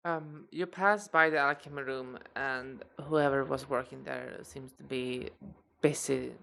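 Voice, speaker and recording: Slow, gravelly woman game master. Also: rumbling low, fairly even intonation, a bit bright. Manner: slow, halting descriptive narration. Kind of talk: narrating a tabletop game.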